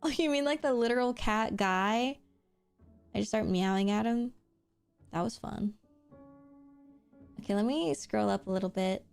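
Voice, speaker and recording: A woman's voice: fairly high pitch, measured pace, creaky, long pauses, a little mellow, smooth, faint music behind. A woman streamer chatting casually with her viewers while drawing, answering chat, giggling often and swearing offhandedly.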